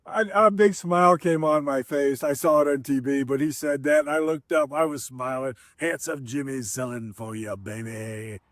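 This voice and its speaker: A man's voice: on the high side, fairly even intonation, normal speed, few pauses, dry recording. A middle-aged man, a former wrestler, telling stories in a casual, rambling way with lots of fillers and restarts. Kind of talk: casual storytelling.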